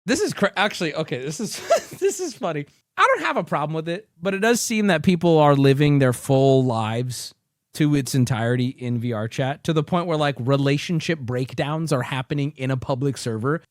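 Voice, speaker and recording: A man's voice: on the high side, animated, brisk, no echo, studio quality. A man hosting a stream, giving crude, joking reaction commentary. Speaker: streamer host.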